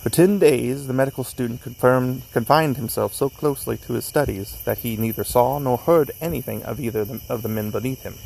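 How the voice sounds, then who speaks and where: A man reading a classic story aloud at an unhurried pace, outdoors in a cemetery at night, correcting small slips as he goes. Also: medium pitch, gravelly, a little mellow, a little hiss or hum, poor audio. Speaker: narrator.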